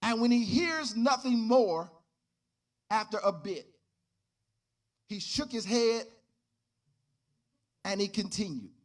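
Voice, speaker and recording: High pitched preacher man, slow drawn out delivery, gets loud and shouty. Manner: animated, rising to shouts. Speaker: pastor. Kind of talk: sermon with storytelling.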